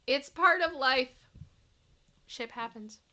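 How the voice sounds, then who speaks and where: A woman's voice: high-pitched, lively intonation, slow pace, bright, forceful tone. A woman with a Canadian accent hosting a livestream, casually chatting, giggling and reading viewer comments aloud. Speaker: livestream host. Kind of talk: casual live-chat reading.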